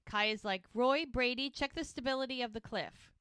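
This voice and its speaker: A woman's voice: a little high, normal speed, a bit bright, clean tone, no room sound, clean studio sound. A woman co-hosting a podcast, retelling TV scenes in casual chat and quoting the characters' lines. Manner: retells scenes with quoted dialogue. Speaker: podcast co-host.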